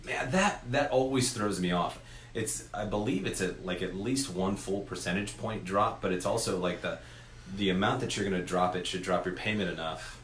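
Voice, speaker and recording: A man co-hosting a casual chat as a realtor, loose and joking, thinking out loud as he talks. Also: deep voice, normal speed. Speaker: realtor co-host. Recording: echoey room, faint ambient noise.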